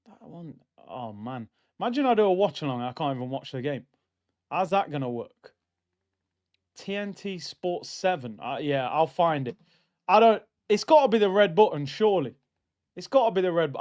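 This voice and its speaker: Animated man streaming football chat. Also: fairly high pitch, highs cut off. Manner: animated, exasperated banter with chat. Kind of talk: casual live-stream chat.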